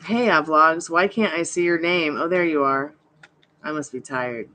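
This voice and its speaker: A woman's voice: deep voice, moderate pace, pushed and bright. A woman hosting a live tarot reading stream, chatty and reassuring as she greets viewers by name. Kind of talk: casual live-stream chat.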